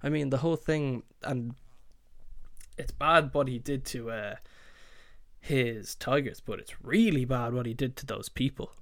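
A man's voice: mid-range voice, unhurried, fairly bright tone, dry recording. A man hosting his own podcast, rambling casually with lots of fillers and swearing. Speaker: podcast host. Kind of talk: casual solo podcast chat.

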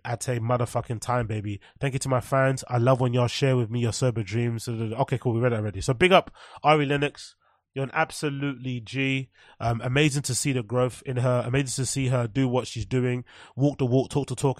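A man talks loosely into a close podcast mic, full of fillers and swearing. His voice sits at an ordinary middle pitch. The sound is very dry, with no room echo. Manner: swears freely, rambling with fillers. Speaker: podcast host. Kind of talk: casual solo rambling podcast.

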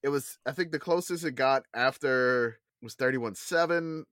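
Guy rambling through football scores on a podcast, mid pitch, dry close mic. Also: normal speed, a bit bright, clear, resonant tone, no room sound. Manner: rambling, self-correcting, laughs often. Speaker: podcast co-host. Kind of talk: casual sports chat.

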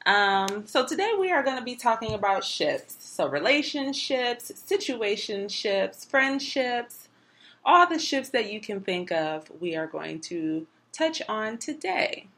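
A woman's voice: on the high side, very animated, measured pace, fairly bright tone. A woman from Detroit co-hosting a podcast, chatting casually in a laid-back, teasing way. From Detroit, USA. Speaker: podcast co-host. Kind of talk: casual chat.

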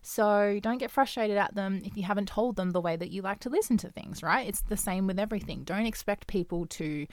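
A young adult woman hosting a casual solo podcast, talking in a chatty, animated way, acting out quoted dialogue and laughing often. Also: mid-range voice, brisk, hardly any pauses, dry recording, clean studio sound. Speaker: podcast host.

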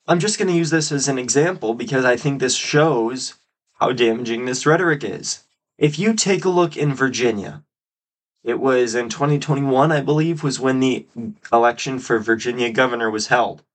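A man hosting his own podcast, giving solo political commentary with emphatic, drawn-out stresses on key words. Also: mid-range voice. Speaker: podcast host.

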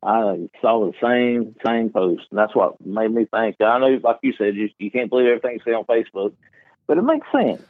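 A man's voice: on the low side, animated, a little fast, dry recording. A man, a former police officer who mostly agrees in short replies and then gives blunt opinions. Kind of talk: casual chat. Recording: tinny phone-line sound.

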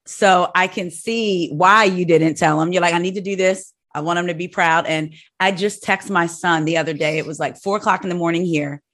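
Low-voiced woman hosting an interview. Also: fairly even intonation, moderate pace, few pauses, a bit bright. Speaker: host. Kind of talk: interview conversation.

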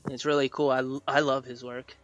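A man's voice: mid-range voice, level tone, quick pace. A man co-hosting a podcast in casual chat, rambling with many fillers and laughing often. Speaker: podcast co-host and dinosaur artist.

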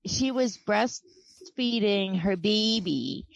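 A woman's voice: medium pitch, animated, takes it slowly, vocal fry, no echo, rough recording. A woman co-hosting a casual podcast, easygoing and laughing as she reads a headline. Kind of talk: casual chat.

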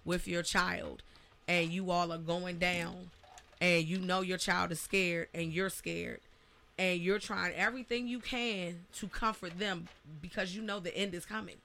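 A woman with a bright, forceful voice speaks in a heartfelt, reflective way during a podcast conversation. She sounds like a parent thinking out loud. Her delivery stays conversational. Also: lowish voice, steady tone, unhurried, gravelly, a little hiss or hum. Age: adult parent. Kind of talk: casual podcast chat.

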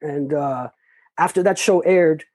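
A man's voice: fairly high pitch, measured pace, darkish tone, dry recording, poor audio. A man in an interview, telling a personal story in casual, loose, profane talk full of restarts. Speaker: interview guest.

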